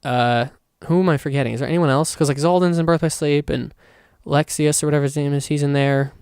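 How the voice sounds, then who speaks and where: A man hosting his own podcast, rambling casually and excitedly with plenty of swearing. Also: on the high side, fast talker, clean tone, no room sound, clean studio sound. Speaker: podcast host.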